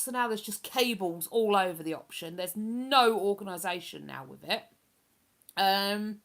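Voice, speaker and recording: A woman's voice: medium pitch, a bit bright. A woman with a chatty, rambling manner, hosting a casual live stream and reading out viewer comments. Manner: chatty, rambling, with many fillers.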